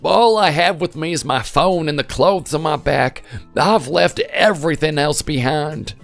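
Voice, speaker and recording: A man's voice: a little high, animated, measured pace, vocal fry, faint music behind. A man voicing an aggrieved older father-in-law in a voice-acted text story, talking in a plaintive, self-pitying way. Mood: forlorn.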